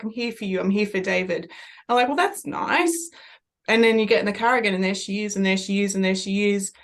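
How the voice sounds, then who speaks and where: An Australian woman, a medium, talks in a loose, rambling way. Her storytelling is animated as she chats casually on a podcast. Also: medium pitch.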